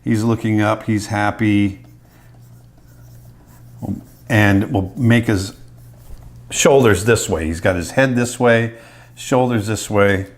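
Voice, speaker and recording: A man's voice: fairly low pitch, takes it slowly, pauses often. A middle-aged man, an animator, casually talking through his drawing as he sketches, thinking aloud. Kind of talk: drawing tutorial narration.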